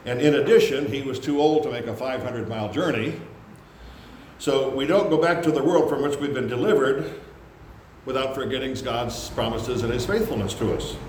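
A man preaching a sermon, animated, acting out quotes in loud high voices. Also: moderate pace. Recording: very echoey room with faint background hum.

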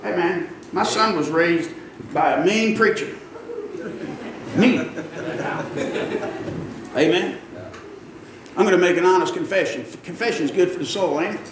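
Speaking a little slowly with long pauses, a middle-aged pastor uses his high voice to deliver a folksy, emphatic sermon. Congregants answer in call-and-response, all picked up from afar in a noisy, echoing church sanctuary.

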